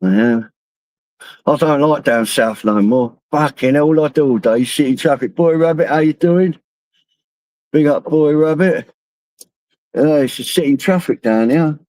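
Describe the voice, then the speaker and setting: A man's voice: fairly high pitch, measured pace, long pauses, a little mellow, no echo, low-quality recording. A middle-aged man with a London accent, chatting to his stream viewers on his phone while driving, rambling and swearing freely. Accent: London English. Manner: rambling, heavy swearing, laughs at own stories. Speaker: live streamer. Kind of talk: casual live-stream chat while driving.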